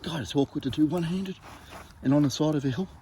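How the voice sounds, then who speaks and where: A man's voice: fairly high pitch, fast talker, noisy background. A man vlogging outdoors on a steep hillside, huffing and puffing as he climbs. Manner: out of breath, huffing while climbing. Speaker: metal detecting vlogger. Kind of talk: casual outdoor vlog.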